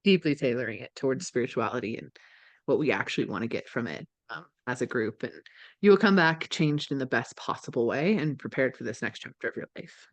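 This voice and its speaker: A woman's voice: extremely low pitch, no echo. A woman co-hosting a casual podcast, talking eagerly and persuasively with plenty of "like" and "um". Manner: enthusiastic, persuasive, frequent "like" and "um". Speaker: podcast co-host.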